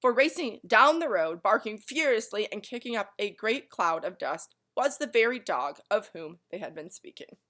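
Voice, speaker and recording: Lady reading a kids' book out loud, super lively voice, bright, stops to chat with listeners. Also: medium pitch, moderate pace, hardly any pauses. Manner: animated, stops for friendly asides to listeners. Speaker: story reader. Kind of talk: children's book read-aloud.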